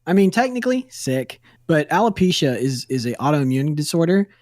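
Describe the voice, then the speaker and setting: A man's voice: fairly high pitch, sing-song, brisk, a little mellow, no room sound, studio quality. A man co-hosting a casual podcast, cracking jokes and swearing freely. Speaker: podcast co-host.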